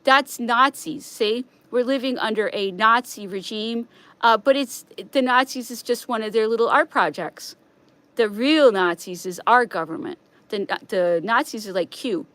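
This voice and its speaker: A woman streaming a rambling, agitated monologue, repeating herself, swinging between raised outbursts and quiet, hushed stretches. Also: mid-range voice, measured pace, no echo.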